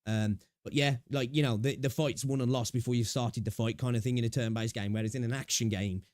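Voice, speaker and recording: A man's voice: mid-range voice, steady tone, a little fast, a little mellow, no room sound, clean studio sound. A man streaming and reacting to a clip, rambling casually with many fillers and the odd swear.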